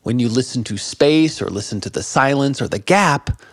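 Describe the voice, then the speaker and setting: A man in his fifties, a guest in an interview, telling animated stories about meditation and laughing often. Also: medium pitch, moderate pace, dry recording, studio quality. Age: 50s. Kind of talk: conversational interview.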